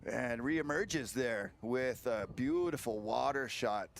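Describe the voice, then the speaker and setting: A man's voice: mid-range voice, lively intonation, slow, creaky, slight background noise. A man giving color commentary in a laid-back, rambling way, full of "you know" and small chuckles. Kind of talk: live sports commentary.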